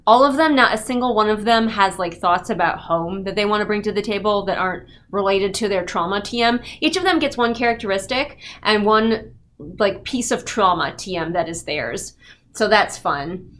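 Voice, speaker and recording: A woman's voice: mid-range voice, moderate pace, fairly bright tone. A woman giving a casual, sarcastic and exasperated book review rant.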